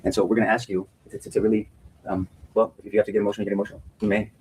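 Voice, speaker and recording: A man's voice: on the low side, flat delivery, racing, darkish tone, husky, low-quality recording. A man speaking as a defense attorney in a courtroom, giving an earnest opening statement to a jury and often repeating words as he restarts his sentences.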